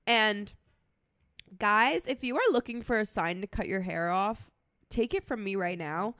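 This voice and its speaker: A woman's voice: mid-range voice, animated, measured pace, fairly bright tone, no echo. Podcast co-host, woman, chatty storyteller, dry close-mic sound. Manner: storytelling with lots of "like" and acted-out quotes. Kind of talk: casual chat.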